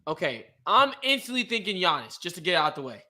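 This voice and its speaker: Excitable high-voiced young man chatting sports. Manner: excitable, trash-talking, quick to shout. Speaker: podcast co-host. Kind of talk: casual sports chat.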